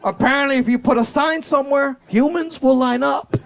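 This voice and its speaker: A man in his forties performing a high-energy stand-up set, telling a story animatedly on a comedy club stage. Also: fairly even intonation, brisk, creaky, a bit bright.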